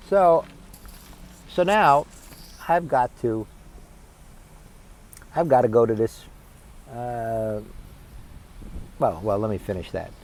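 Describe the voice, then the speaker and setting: A man, telling a funny personal story in a lively, salty, conversational way. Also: medium pitch, slow, pauses often, low-quality recording. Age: 60s. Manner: animated, conversational, profane.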